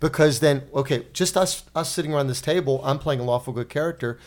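A man co-hosting a casual roundtable podcast, animated as he leads the discussion and asks questions. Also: on the high side, fast talker. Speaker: podcast co-host.

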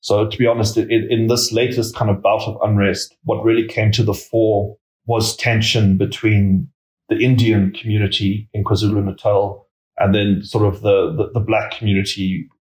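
A man explains his analysis in a measured, conversational way, padding his sentences with hedges and fillers. His voice sits on the low side. The recording carries a noticeable roomy echo. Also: flat delivery, darkish tone. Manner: measured, hedging with many fillers. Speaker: political risk analyst guest. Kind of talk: conversational expert commentary.

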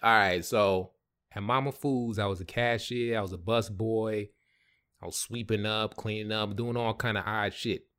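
A man hosting a podcast, telling a story in a casual, animated way with lots of slang and swearing. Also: lowish voice, moderate pace. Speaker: podcast host.

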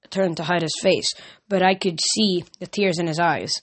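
A woman reading a first-person novel aloud in a steady, even storytelling manner. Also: lowish voice, normal speed. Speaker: audiobook reader.

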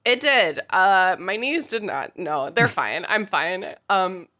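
A woman's voice: lowish voice, lively intonation, slow pace, bright, forceful tone. A young adult woman hosting a podcast, chatting casually and laughing often as she acts out voices in her stories. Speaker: podcast host. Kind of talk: casual chat.

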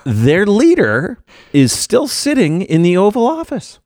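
A man's voice: sits high, huge pitch swings, a little slow, a little mellow, no room sound. Wry indignant man, dry sound. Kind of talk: casual political chat.

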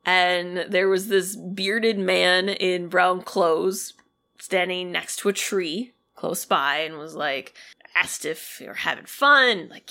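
A woman's voice: lowish voice, fairly even intonation, takes it slowly, sharp tone. A woman co-hosting a podcast, chatting casually and retelling a listener's spooky story with lots of "like"s. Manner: chatty, filler-heavy with many "like"s. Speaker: podcast co-host.

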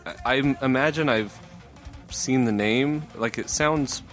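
A man co-hosting a casual podcast, talking in a rambling way with halting restarts. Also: medium pitch, fairly bright tone, soft background music. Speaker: podcast co-host.

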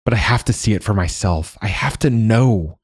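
A man reading a quiet, earnest young girl's lines in an audiobook, soft and hesitant. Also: sits low, normal speed, slightly rough.

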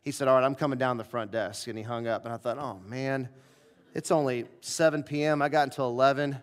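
A male preacher telling a personal story in a revival sermon, acting out the dialogue with lively shifts of voice. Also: mid-range voice, brisk. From southern United States.

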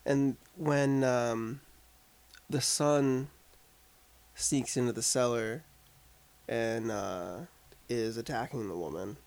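A man's voice: medium pitch, steady tone, takes it slowly, long pauses, a little mellow. A man co-hosting a casual podcast chat, reviewing a film in a rambling way full of filler words. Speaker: podcast co-host discussing a film. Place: upstate New York.

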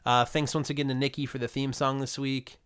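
A man co-hosting a podcast, recapping episodes in a relaxed, hesitant way with many fillers. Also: mid-range voice, a little fast, smooth. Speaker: podcast co-host. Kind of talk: casual recap chat.

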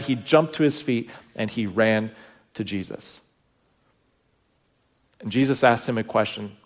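A man preaching a sermon in a relaxed, storytelling voice that sits at a middle pitch. He talks to the congregation casually, with asides, and lets the ends of his phrases drop away quietly. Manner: storytelling with acted-out quotes, conversational asides. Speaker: pastor.

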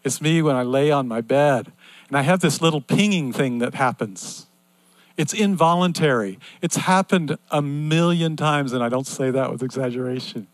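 An older man preaching a sermon in an earnest, repetitive cadence that swings between loud and hushed. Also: medium pitch, normal speed, no room sound.

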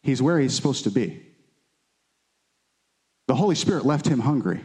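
A man's voice: medium pitch, animated, moderate pace, a little mellow. A man preaching a sermon, earnest and emphatic, often repeating his key phrases. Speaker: pastor.

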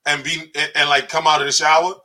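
A man's voice: fairly high pitch, little pitch movement, quick pace, pushed and bright, low-quality recording. A man co-hosting a podcast, telling jokey stories in casual banter and laughing often. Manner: joking storyteller, drops into quoted voices, laughs often. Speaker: podcast co-host.

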